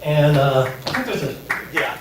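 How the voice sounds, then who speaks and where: A man's voice: a little high, animated, heavy background noise. A man in his fifties doing a stand-up set, nervous and self-deprecating. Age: 50s. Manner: slow, self-deprecating delivery. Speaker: stand-up comic. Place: comedy theater stage. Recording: echoey theater, mic at distance.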